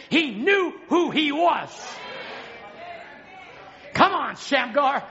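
A male preacher delivering a sermon, shouting in a repetitive, chanting cadence. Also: extremely high pitch, animated, unhurried, vocal fry, long pauses, lo-fi sound.

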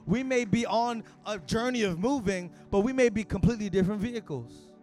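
A man preaching a sermon at a church service in casual, slang-filled talk that rises to shouts. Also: sits high, a little fast, soft background music. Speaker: pastor.

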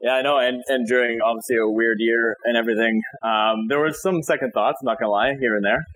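A man's voice: medium pitch, fairly even intonation, fast talker, fairly bright tone, faint music behind, low-quality recording. A man in his thirties, a guest on an interview show, talking in a friendly, rambling way with many restarts. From Canada. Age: 30s. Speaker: guest, real estate broker. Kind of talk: casual interview chat.

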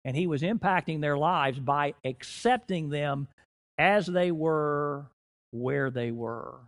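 In church, a middle-aged guest preacher with a fairly high-pitched voice gives a sermon, growing louder and softer by turns. He slows his delivery to emphasize important phrases.

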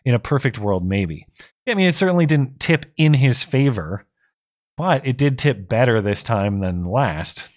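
A man's voice: mid-range voice, animated, a little slow. A male co-host in casual political talk, tired with his voice going, reading out viewer messages and thinking aloud with restarts.

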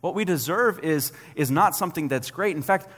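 A man in his thirties preaching a sermon as a pastor, talking conversationally and acting out quotes in an animated way. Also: a little high, fairly quick, in a large hall.

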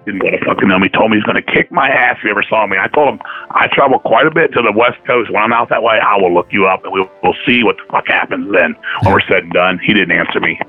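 A man telling stories in a casual chat, profane and animated, acting out the dialogue of the people he quotes. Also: fairly low pitch, quick pace. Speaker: podcast guest, metal musician. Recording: tinny phone-line audio.

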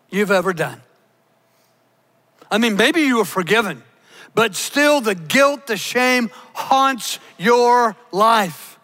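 A man preaching a sermon, emphatic, slowing down to stress key words. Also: high voice, pushed and bright. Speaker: pastor. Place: church.

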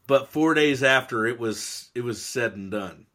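Animated man discussing scripture. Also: mid-range voice, a little slow. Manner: animated, jokey, acts out quotes. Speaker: podcast co-host. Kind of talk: casual Bible discussion.

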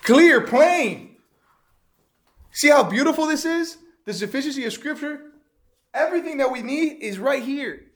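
A man's voice: very high voice, animated, a little slow, long pauses, fairly bright tone. A man teaching an interactive Bible lesson, asking the class questions and repeating their answers.

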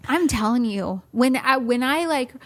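A woman co-hosting a podcast in casual chat, animated and mimicking other people in high voices. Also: unhurried.

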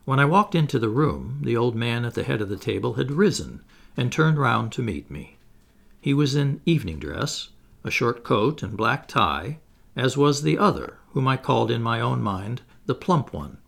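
A man reading a classic novel aloud as a first-person audiobook narrator, measured. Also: medium pitch, very animated, vocal fry, fairly bright tone.

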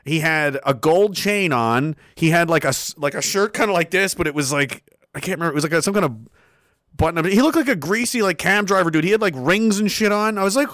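Lively, laughing young male streamer. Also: on the high side, brisk, dry recording, clean studio sound. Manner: rambling, profane, laughs often, acts out quotes. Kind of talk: casual storytelling on a live stream.

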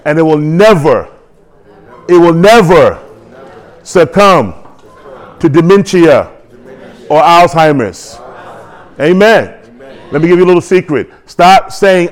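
Male preacher, slightly high voice, exhorting call-and-response sermon style with emphatic rising declarations. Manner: builds to excited, emphatic declarations.

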